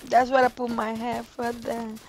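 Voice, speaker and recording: Woman, high voice, slow giggly chat, noisy line. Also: level tone. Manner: giggly, laughs often. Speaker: player in a voice-chat game. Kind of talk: casual chat over game voice chat.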